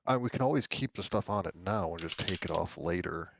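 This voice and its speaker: A man's voice: low voice, animated, a little fast, creaky, background noise. A man playing a tabletop game, talking in a blunt, sardonic way. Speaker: player. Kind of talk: casual tabletop game chat. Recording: dull lo-fi dry mic.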